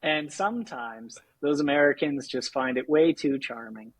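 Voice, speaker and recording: A Canadian man talking about sales on a podcast, energetic and laughing often, acting out cold calls. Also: medium pitch, moderate pace, poor audio. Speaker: podcast guest, sales executive. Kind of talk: casual podcast conversation.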